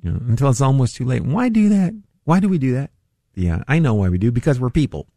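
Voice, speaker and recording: A man's voice: mid-range voice, big pitch swings, fast talker, mellow, dry recording, studio quality. Chatty older man hosting radio. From Northeast Ohio. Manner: rambling, chuckling, self-deprecating. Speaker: radio talk show host. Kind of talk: casual radio talk. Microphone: studio microphone.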